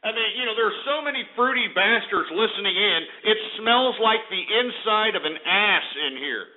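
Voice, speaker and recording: Ranting high-voiced male radio host. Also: expressive, normal speed. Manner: loud, insulting, ranting. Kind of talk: abrasive call-in radio talk. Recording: lo-fi phone-quality internet radio.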